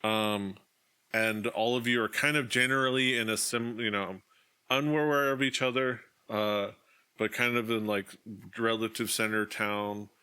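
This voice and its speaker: A man's voice: fairly low pitch, fairly even intonation, a little slow, sharp tone, clean tone. A man narrating a tabletop game as game master, rambling with many fillers over an online call, on a dull lo-fi recording. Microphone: online call mic. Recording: dull lo-fi stream audio.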